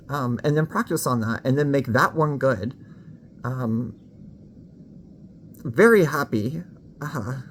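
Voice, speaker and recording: A woman's voice: low-pitched, a little hiss or hum. A woman talking casually to camera for her vlog, frank and candid, swearing freely and a little out of breath. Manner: slightly out of breath. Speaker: vlogger.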